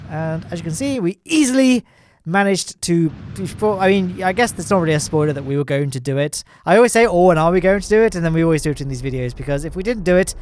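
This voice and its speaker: High-voiced gaming commentator. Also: male voice. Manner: jokey, self-deprecating, chuckles often. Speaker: gaming YouTuber. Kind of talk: gameplay commentary voice-over.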